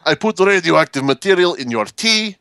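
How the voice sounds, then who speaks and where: A man doing a scheming mock-Russian mafia player, pushy and drawn-out, with broken grammar and a put-on Russian accent. The pitch rides a little higher than plain talk with lively swings, and the sound is dry. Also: clear, resonant tone, no echo, exaggerated voice.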